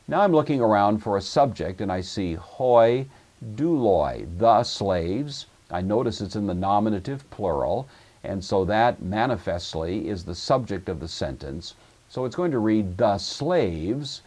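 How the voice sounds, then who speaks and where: Male Greek tutor, unhurried, walks through grammar aloud step by step, deep voice. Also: darkish tone. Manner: methodical, talks through each step aloud. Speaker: Greek teacher. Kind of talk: recorded language lesson.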